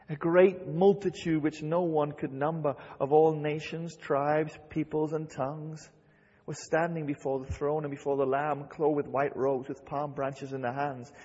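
A man's voice: fairly high pitch, fairly even intonation, a little slow, dark tone, breathy edge. A man preaching a sermon with fervor, repeating key phrases and quoting scripture aloud. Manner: impassioned, repeats phrases for emphasis. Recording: lo-fi hall reverb.

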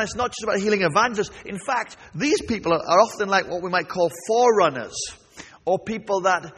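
Husky preacher in an echoing hall. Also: male voice, high voice. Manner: animated, asks the congregation questions. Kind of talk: sermon. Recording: long reverb of a large hall.

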